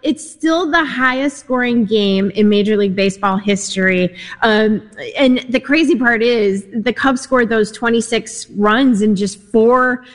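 A woman with a somewhat high voice chats on a radio show about local history. She is lively and eager, often exclaiming as she goes. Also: measured pace. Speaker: newspaper history columnist guest. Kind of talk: casual radio chat.

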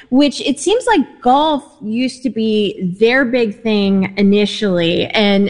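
A woman with a somewhat high voice chats on a radio show about local history. She is lively and eager, often exclaiming as she goes. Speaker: newspaper history columnist guest. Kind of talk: casual radio chat.

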